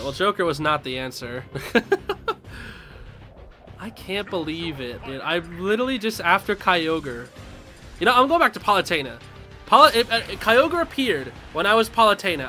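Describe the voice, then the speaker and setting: A young man live-streaming a game, commenting casually and yelling and laughing at the action. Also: sits high. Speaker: streamer playing online matches.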